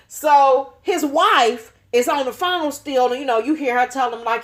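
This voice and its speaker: A woman spins a casual story for her channel. Her talk is lively and slangy, full of swearing. Her voice sits high and swings widely. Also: normal speed, few pauses. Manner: animated, profane, slangy. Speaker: nail artist, channel host.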